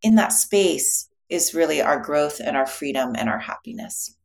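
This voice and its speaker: A woman's voice: low voice, expressive, normal speed, vocal fry. A woman psychologist as an interview guest, speaking reflectively and telling a story. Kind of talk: interview conversation.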